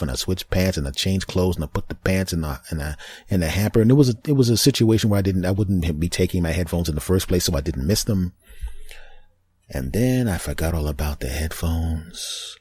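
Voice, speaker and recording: A man's voice: a bass voice, a little mellow, slightly rough. A man hosting a comedy podcast, telling a self-mocking story animatedly with scat sound effects. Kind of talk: comic storytelling monologue.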